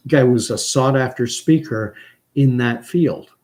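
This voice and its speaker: A man's voice: mid-range voice, a little slow, darkish tone, poor audio. A man from Canada talking through a rambling, unscripted commentary, stopping often for fillers and restarts. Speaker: commentary channel host.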